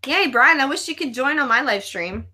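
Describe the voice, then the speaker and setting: A woman, a guest on a casual live stream, loud and teasing with lots of giggling. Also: sits high, lively intonation, moderate pace, slight background noise.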